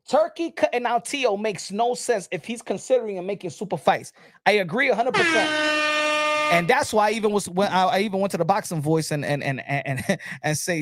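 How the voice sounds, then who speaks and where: A man giving opinionated boxing commentary. He talks in heated, profane bursts, repeats words, and rises to shouting. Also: high voice, animated, brisk.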